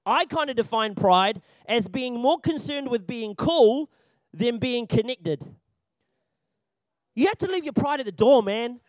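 High-voiced, lively male ministry trainer. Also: measured pace, no room sound. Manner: animated and jokey, laughs often; repeats key points for emphasis. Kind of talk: church training talk.

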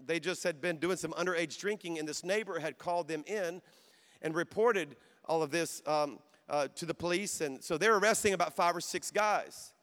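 A middle-aged man preaching with a notably high voice, moving from storytelling into loud, emphatic exhortation. He calls out to the congregation. The sound carries the long reverb of a big auditorium. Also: normal speed. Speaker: pastor. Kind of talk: sermon. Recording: long reverb of a large hall.

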